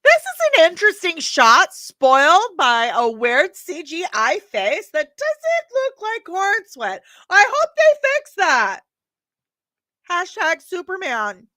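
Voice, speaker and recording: A woman puts on a fussy female film critic, pitched well above her normal voice. The delivery is prissy and sing-song, in a dry room. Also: huge pitch swings, slow pace, bright, forceful tone, no echo, exaggerated voice. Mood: mocking.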